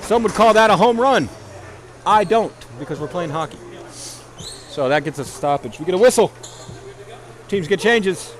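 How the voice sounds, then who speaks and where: A man calling play-by-play for a ball hockey game, rambling into self-deprecating asides between plays and shouting on goals. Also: high-pitched, normal speed, long pauses, faint music behind. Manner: excited calls on goals. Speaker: play-by-play commentator.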